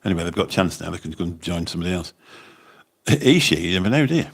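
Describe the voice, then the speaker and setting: A taxi driver who hosts livestreams reads comments aloud during a casual chat, recorded on a phone. His low, husky voice is animated and quick. He's chatty and rambling, often repeating words.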